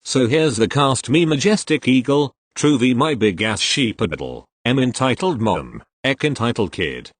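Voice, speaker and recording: A man reading online posts aloud in a steady, even scripted narration. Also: mid-range voice, moderate pace, few pauses, dry recording.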